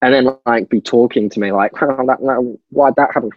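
A man's voice: mid-range voice, moderate pace, dull audio. An Australian man hosting a radio show, ranting in exasperation about everyday annoyances in casual banter. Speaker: radio host.

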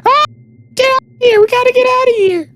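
A man voicing frightened male goblin minions who shout in squeaky, frantic voices. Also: brisk. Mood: terrified.

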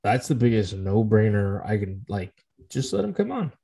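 A man's voice: lowish voice, big pitch swings, normal speed, gravelly, warm tone, slightly rough. A man co-hosting a casual sports podcast, teasing and sarcastic toward his co-host.

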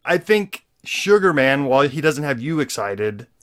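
A man co-hosting a casual toy chat, relaxed and musing, hedging his opinions. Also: medium pitch, unhurried. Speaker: co-host.

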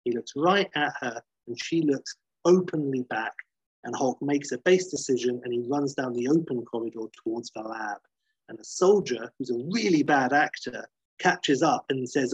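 A man's voice: medium pitch, moderate pace, husky, no room sound. A man narrating an episode recap with dry, sardonic asides, in a slightly dull recording.

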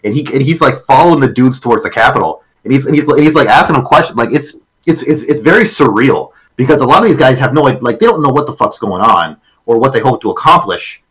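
A man co-hosting a podcast in casual chat, telling stories haltingly with repeated words and casual swearing. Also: medium pitch, animated, a bit bright, low-quality recording. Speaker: podcast co-host.

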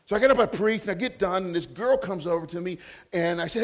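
A man preaching as a guest speaker in a church, laughing often and repeating words when excited. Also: high-pitched, fast. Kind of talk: sermon with prophetic words. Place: church hall.

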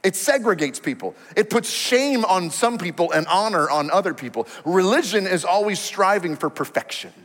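A male pastor preaches in a high, animated voice that swoops up and down, talking to the congregation in a conversational, emphatic way. His words carry a long reverb from a large hall. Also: normal speed, hardly any pauses. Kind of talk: sermon.

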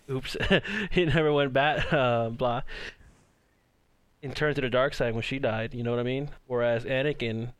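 Smooth-voiced man rambling in casual chat. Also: medium pitch, a little slow, pauses often, no room sound. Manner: rambling, heavy use of "like" and "you know". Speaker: podcast co-host.

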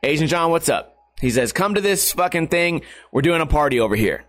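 A young man hosting a podcast, telling rambling, profane stories in a tired, low-energy way. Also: animated, brisk, fairly bright tone. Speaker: podcast host. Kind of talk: casual storytelling monologue.

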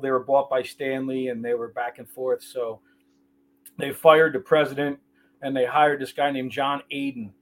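A man's voice: medium pitch, slight background noise. A middle-aged man, a podcast guest, telling casual stories in a blunt, joking, profane way over a video call. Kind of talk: casual storytelling.

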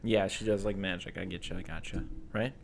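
A man with a fairly low voice chatting casually. He sounds wry and opinionated, and he tends to ramble and circle around a point before he lands it. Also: steady tone, a little fast, creaky, slight background noise. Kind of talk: casual chat.

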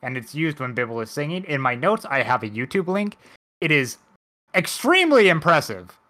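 This podcast host is a man whose fairly high voice has a sing-song, sharp quality, and he talks at a moderate pace. In a casual chat, he dryly and nerdily walks through details from his notes.

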